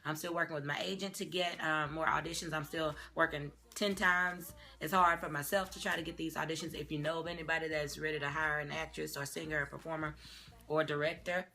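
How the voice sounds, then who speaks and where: Bright-voiced Southern woman vlogging. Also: deep voice, brisk. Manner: chatty, animated, drawls y'all and child. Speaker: actress and singer vlogger. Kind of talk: casual talk to camera.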